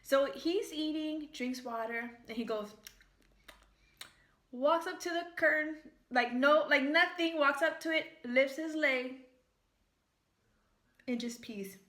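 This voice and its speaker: A young woman from the US eats and chats at home in her kitchen for a casual mukbang vlog, her storytelling rambling and filler-heavy. Her high, fairly bright voice moves slowly with long pauses, and the room echoes.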